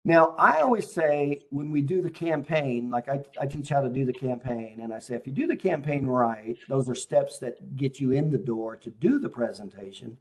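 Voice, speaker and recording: Man, interview host, coaching tone, leading questions, mid-pitched voice. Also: animated, moderate pace, few pauses. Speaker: chiropractic consultant and host. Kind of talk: casual interview.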